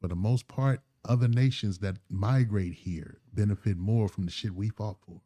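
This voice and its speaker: Deep, mellow-voiced male host. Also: normal speed. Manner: blunt, profane, heated. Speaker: channel host. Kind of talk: casual commentary.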